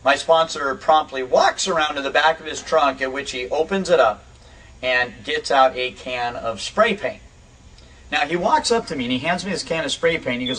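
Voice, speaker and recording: A man spins a casual, lively tale in quick bursts, chuckling as he goes. His voice is bright and slightly high. He sits a little back from the microphone. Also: recorded from a distance, rough recording. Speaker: storyteller on a recovery radio show. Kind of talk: casual spoken anecdote.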